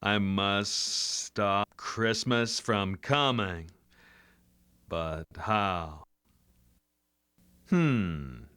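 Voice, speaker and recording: A man putting on a slow, gruff cowboy drawl to read a villain's lines. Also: on the low side, animated, pushed and bright, voice pushed down, heavily acted. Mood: menacing.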